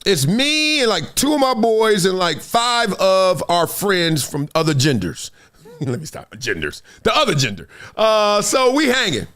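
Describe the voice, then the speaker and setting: A middle-aged man with a Southern California accent, hosting a live show and telling a story in a lively way, acting out quotes and laughing often. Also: high voice, measured pace. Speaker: host.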